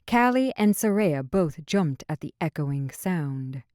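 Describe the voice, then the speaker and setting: A woman narrates a fantasy audiobook in an even, measured way. Her voice is low, and the recording is close and dry with no room sound. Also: no echo. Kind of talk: scripted narration.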